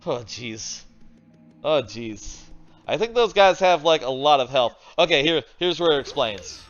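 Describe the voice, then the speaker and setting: A man's voice: a little high, expressive, unhurried, a bit bright, dull audio, faint music behind. Chatty man streaming games at his desk. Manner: rambling and chatty, thinks aloud, swears casually. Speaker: streamer playing video games. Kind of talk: casual live-stream commentary. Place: home desk. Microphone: desk microphone.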